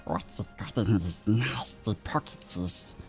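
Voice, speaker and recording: A man voicing a greedy cave creature with a gravelly, hissing, sly voice. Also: lowish voice, takes it slowly, faint music behind.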